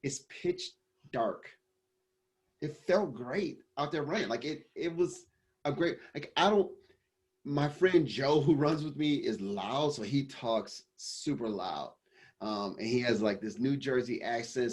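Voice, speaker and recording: Man, business coach, casual interview answer, rambling with restarts, middle pitch. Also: normal speed, a little mellow. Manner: rambling, many restarts and fillers. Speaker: business coach and company founder.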